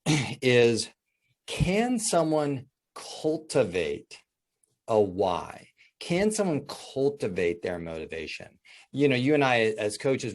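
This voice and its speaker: A man who is a coach, interviewing a guest with long, conversational questions. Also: medium pitch.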